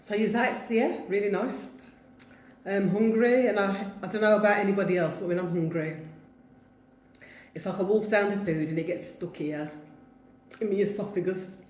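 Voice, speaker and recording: A woman's voice: medium pitch, fairly even intonation, normal speed, pauses often, a little mellow, echoey room. A woman in her fifties from England with a Wolverhampton accent, chatting casually to camera while she eats, rambling and often laughing. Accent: Wolverhampton English. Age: 50s. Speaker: vlogger. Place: home in Jamaica.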